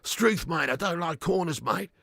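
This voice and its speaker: A man's voice: fairly high pitch, expressive, moderate pace, creaky, no room sound, studio quality, pitched above the performer's own voice, full character voice. A man doing a panicking Aussie football manager. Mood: blustering. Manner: exaggerated Aussie slang, loud and frantic.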